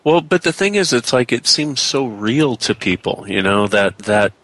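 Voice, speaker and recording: A middle-aged man co-hosting a casual talk show, speaking animatedly and jumping up in pitch when he gets excited. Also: moderate pace, poor audio. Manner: animated, rising excitedly on exclamations. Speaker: co-host. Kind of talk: casual conversational chat.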